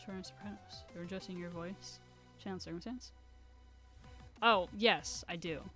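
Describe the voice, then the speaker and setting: A woman's voice: lowish voice, normal speed, faint music behind. A woman in her twenties chatting casually on a live stream while she paints, rambling through stories and acting out quotes. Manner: rambling, animated storytelling with acted-out quotes and laughter.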